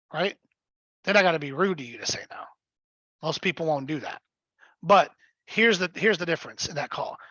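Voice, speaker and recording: A man's voice: sits high, fairly bright tone, no echo, lo-fi sound. A man coaching real estate agents in a live webinar, blunt and emphatic, often checking in with his listeners. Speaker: real estate sales trainer.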